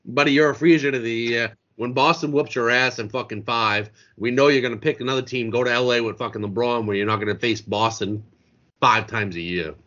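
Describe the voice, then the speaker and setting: A man's voice: mid-range voice, steady tone, brisk, a bit bright, highs cut off. A man co-hosting a podcast in casual chat, ranting in a heated, profane way from a restaurant. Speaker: podcast co-host. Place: restaurant in a beach town.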